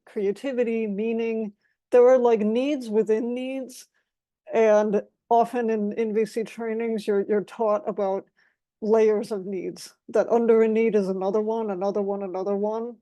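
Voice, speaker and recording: Lady walking thru definitions step by step, mellow voice, dry sound, middle pitch. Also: no room sound. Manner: methodical, defines terms one by one. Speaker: guest speaker. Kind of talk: explanatory talk.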